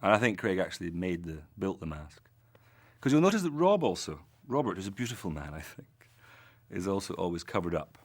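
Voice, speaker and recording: A man's voice: sits low, very animated, brisk. A man, an actor, telling self-mocking, joking anecdotes in an interview.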